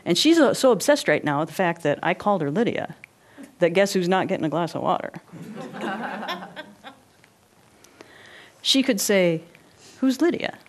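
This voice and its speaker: Animated woman leading a body workshop. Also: fairly low pitch, normal speed, long pauses. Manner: animated, checks in with audience often; guides listeners through body movements. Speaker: workshop presenter. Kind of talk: live interactive workshop talk.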